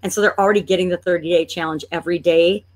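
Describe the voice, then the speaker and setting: In a fairly low, steady voice, a woman walks viewers through a screen-share tutorial on online business. She chats and muses aloud as she clicks, showing playful frustration at how slow her computer is.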